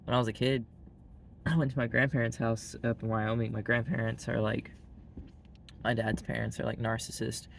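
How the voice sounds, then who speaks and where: Flat-voiced Southern man, blunt and rambly. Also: mid-range voice, moderate pace, gravelly, a little hiss or hum. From Arkansas, US. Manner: blunt and frank, heavy use of "like" fillers. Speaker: vlogger. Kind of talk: casual monologue to camera.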